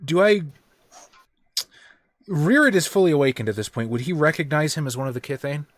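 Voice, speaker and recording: A man's voice: on the high side, lively intonation, brisk, dry recording. A man taking part as a player in a tabletop role-playing game, earnestly explaining his moves. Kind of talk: casual tabletop play.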